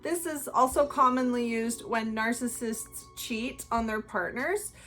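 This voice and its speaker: A woman's voice: fairly high pitch, measured pace, a bit bright, soft background music. A woman talking earnestly and conversationally to her viewers, explaining things in a solo video. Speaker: channel host. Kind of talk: explanatory solo talk to camera.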